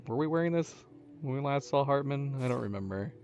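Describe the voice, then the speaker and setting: A man's voice: mid-range voice, expressive, brisk, a little mellow, faint music behind. Chatty man thinking aloud over gameplay. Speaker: let's-play host. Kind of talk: casual gameplay commentary.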